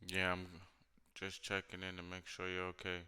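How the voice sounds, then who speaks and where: A man heard on a played clip gives plain status updates about where someone has been. His voice is low and almost monotone. It has a bright, very crisp edge. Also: normal speed.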